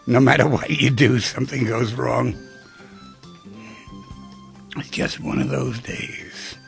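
A man hosting a radio talk show, telling stories in an animated way and acting out the people he quotes. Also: mid-range voice, slow pace, faint music behind. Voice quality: gravelly, husky voice. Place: radio studio.

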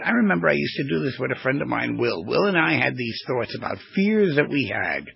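Gravelly, husky-voiced man on radio. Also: medium pitch, brisk, few pauses, no room sound, lo-fi sound. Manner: animated, rambling storyteller. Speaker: radio show host and therapist. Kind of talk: casual radio talk with storytelling.

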